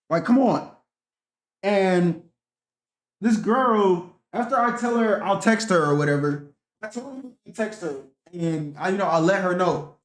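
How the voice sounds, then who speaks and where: A young man telling a profane, rambling story in a casual rant vlog, talking animatedly and swearing often. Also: sits high. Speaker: vlogger. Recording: echoey room.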